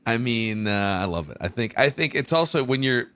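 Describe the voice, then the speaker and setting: A man's voice: mid-range voice, lively intonation, brisk, pushed and bright, clean tone, no room sound. A man co-hosting a podcast, chiming in with short reactions and follow-up questions. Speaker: podcast co-host. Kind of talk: casual chat.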